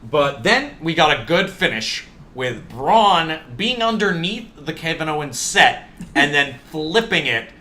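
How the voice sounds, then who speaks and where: A man's voice: on the high side, sing-song, measured pace, few pauses, sharp tone. A man co-hosting a podcast, chatting casually and jokingly about a wrestling show, laughing often. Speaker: podcast co-host. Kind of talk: casual wrestling review chat.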